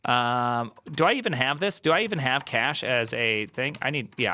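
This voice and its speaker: A man's voice: medium pitch, lively intonation, normal speed, pushed and bright, slight background noise. A man streaming live while coding, talking to his chat in an exasperated, rambling way.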